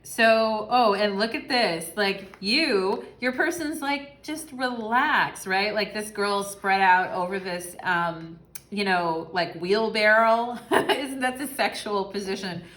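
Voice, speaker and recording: A young woman gives a casual tarot reading in a bright, sharp voice. She talks in a chatty, sassy way, swears freely and slips into quick voices for the people she describes. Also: mid-range voice. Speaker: tarot reader.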